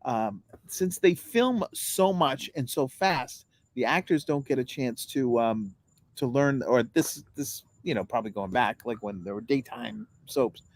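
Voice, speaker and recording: A man co-hosts a relaxed comedy podcast, delivering dry teasing jabs and halting often on ums. His voice sits at an ordinary middle pitch, and the recording is close and dry. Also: no echo. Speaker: podcast co-host. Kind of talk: casual comedic chat.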